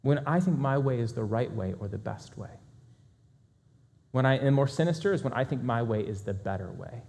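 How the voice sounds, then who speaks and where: A man giving a talk to a live audience, energetic and fast-talking, with self-deprecating humor. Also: medium pitch. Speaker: speaker.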